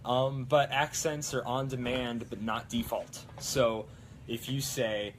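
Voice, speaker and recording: Young guy chatting on his prop live stream, rambly, medium pitch. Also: moderate pace, a bit bright, a little hiss or hum. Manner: rambling, lots of fillers and restarts. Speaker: live stream host building props. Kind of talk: casual live stream chat.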